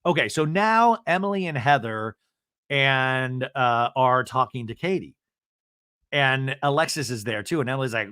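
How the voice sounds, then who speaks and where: A man hosting a podcast, casually recapping an episode with wry asides and acting out quotes in jumpy, higher voices. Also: fairly bright tone, no room sound, clean studio sound. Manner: acts out quotes with quick pitch jumps. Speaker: podcast host.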